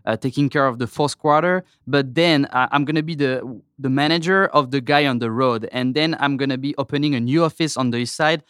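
Man with a French accent, smooth voice. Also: medium pitch, fairly bright tone, no room sound, studio quality. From France. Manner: halting, searching for words. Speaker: guest, regional sales representative. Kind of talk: podcast interview.

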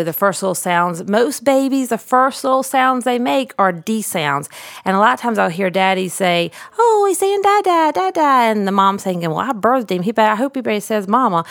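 A middle-aged woman with a fairly low voice walks through child speech milestones as a podcast host. Her talk is conversational and explanatory, full of casual asides. The recording is dry and close, with no room sound. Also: fairly bright tone, dry recording. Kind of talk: solo educational podcast talk.

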